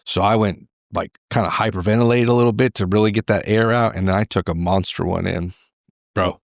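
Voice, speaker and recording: A middle-aged man, a podcast guest, telling a candid personal story in an animated way. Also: fairly low pitch, a little fast, vocal fry, no echo, studio quality. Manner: animated, acts out quoted voices.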